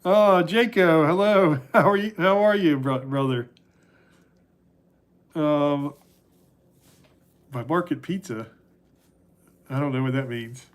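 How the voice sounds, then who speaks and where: A middle-aged man hosting a casual livestream, talking through chat questions in a rambling, halting way with many restarts. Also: on the high side, steady tone, smooth. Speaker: livestream host answering chat.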